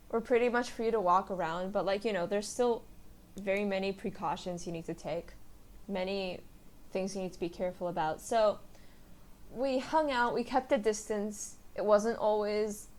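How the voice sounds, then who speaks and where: A young woman hosting a casual solo podcast, rambling and joking at her own expense with frequent giggles. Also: mid-range voice. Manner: rambling, self-mocking, giggly. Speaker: podcast host.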